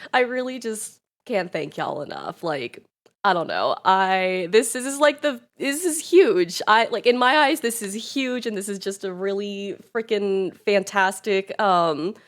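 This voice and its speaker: A woman's voice: medium pitch, expressive, a little slow. Bubbly, rambling woman streamer. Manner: bubbly, rambling, laughs often, many "like" fillers. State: nervous and emotional, near tears. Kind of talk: casual live-stream chat.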